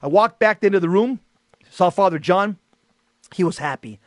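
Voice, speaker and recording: Here a middle-aged man gives a personal faith testimony at normal speed, his high voice full of lively intonation. As a Catholic lay speaker he is earnest and emphatic, even shouting during quoted exchanges. The recording is dry and studio-clean.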